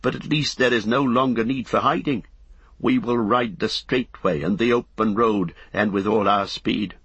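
A man reading an aged warrior king, grave and commanding, with a husky voice on a dull recording. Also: on the low side, normal speed, a bit bright, no echo, voice pushed up.

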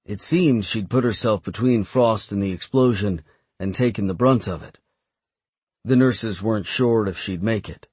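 Guy reading an audiobook, low husky voice, steady pace, dry close sound. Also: moderate pace, dry recording. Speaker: audiobook narrator. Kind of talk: scripted narration.

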